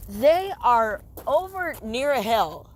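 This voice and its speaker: A woman's voice: a little high, sing-song, slow pace, darkish tone. Rambling teen girl podcaster. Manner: rambling, restarts often, giggly. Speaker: podcast host. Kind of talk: casual chat between friends. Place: outdoors. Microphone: phone. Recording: faint outdoor background noise.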